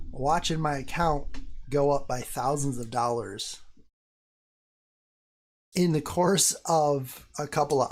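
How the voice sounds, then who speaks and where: Profane, excitable man hosting a livestream. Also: medium pitch. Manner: profane, excitable, talks to chat. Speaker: livestream host. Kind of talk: casual live-stream commentary on crypto charts.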